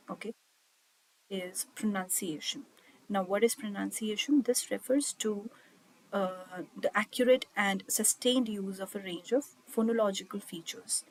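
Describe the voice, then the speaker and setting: A woman's voice: mid-range voice, rough recording. A woman teaching an online IELTS speaking class, reading slide points aloud and explaining them, with frequent fillers like "okay" and "uh".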